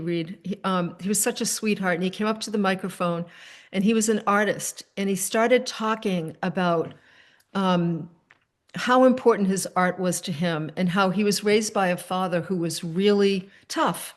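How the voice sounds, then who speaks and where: Woman telling a story on a video call. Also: mid-range voice. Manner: animated storyteller, quick asides, soft fillers. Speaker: host. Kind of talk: casual storytelling chat.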